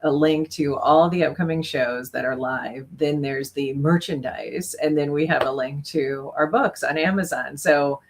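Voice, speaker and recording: Woman co-host, low voice, thoughtful, laughs easily. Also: unhurried, few pauses. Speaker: podcast co-host. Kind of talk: casual chat.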